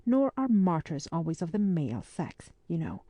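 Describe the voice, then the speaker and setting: A woman reading the part of a brisk, firm English spinster hostess in an audiobook. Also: fairly low pitch, very animated, mellow, no echo.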